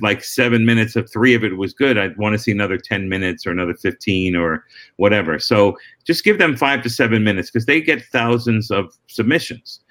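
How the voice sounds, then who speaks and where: A middle-aged man, a comedian, answering interview questions in relaxed storytelling with frequent restarts and asides. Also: on the low side. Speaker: comedian and former talk-show warm-up act.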